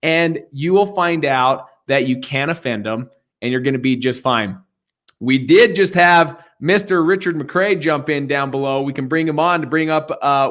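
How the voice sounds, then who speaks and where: A man's voice: medium pitch, fairly bright tone. A man hosting a live real estate Q&A stream, talking casually in an upbeat, joking, encouraging way over a video call.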